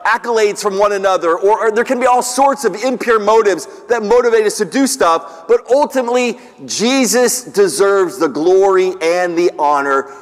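Middle-aged pastor guy preaching, highish voice, tells stories and does the voices, lots of restarts, big echoey hall. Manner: storytelling, acts out quoted voices, pauses and restarts. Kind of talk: sermon.

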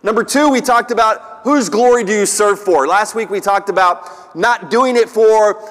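A middle-aged man preaching a sermon to his congregation, telling a story and acting out the voices in it, with restarts and pauses. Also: high voice, a bit bright, in a large hall. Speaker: pastor.

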